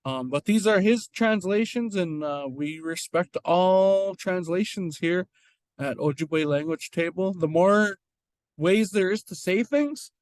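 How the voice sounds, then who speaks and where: A man teaching an informal language lesson, slowly repeating and sounding out words, with frequent fillers. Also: high-pitched, no echo. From Red Lake.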